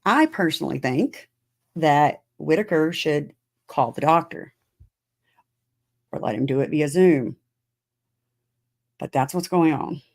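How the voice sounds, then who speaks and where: A deep, darkish, animated voice belongs to this middle-aged woman podcast host, who speaks slowly and pauses often. She chats loosely with live-stream viewers and answers their comments with lots of fillers.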